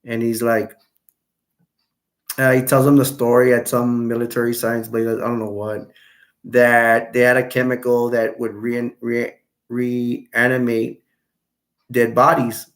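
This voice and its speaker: A man hosting a casual livestream, retelling a film in a rambling, halting way full of fillers and restarts, and reading viewer comments aloud. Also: medium pitch, level tone. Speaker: livestream host.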